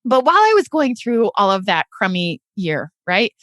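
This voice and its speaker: Speaking in a sing-song, fairly bright, medium-pitched voice at a moderate pace, a woman guesting on a podcast recounts a personal story. The real estate investor is earnest and heartfelt, tagging lines with "right?" and addressing listeners as "you guys," all in clean studio sound with no room tone.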